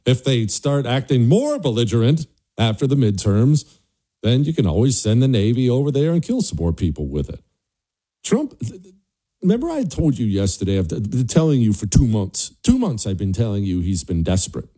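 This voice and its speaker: A man's voice: mid-range voice, sing-song, normal speed, mellow, slightly rough. A male talk show host giving an emphatic, scornful political monologue, repeating his points for stress.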